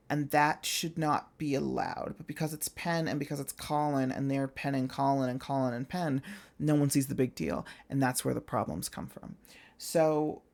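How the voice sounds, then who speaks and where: A mid-pitched voice with heavy vocal fry, rambling through a long casual commentary. The talk is loose and full of fillers, and now and then it gets blunt with an offhand swear. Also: a little mellow. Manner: chatty and filler-heavy, with frequent "like" and "um". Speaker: video essayist.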